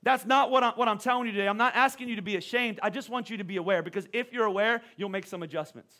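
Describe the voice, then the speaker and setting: A middle-aged male pastor preaching a sermon, telling a funny personal story with lively, self-deprecating humor. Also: high-pitched, fast.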